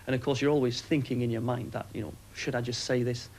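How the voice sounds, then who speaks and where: A man recounting events for a documentary interview, talking quickly in a steady, matter-of-fact way. His pitch hardly moves, so the delivery stays level. There is a faint hiss on the recording. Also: poor audio. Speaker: former RAF aircrew interviewee.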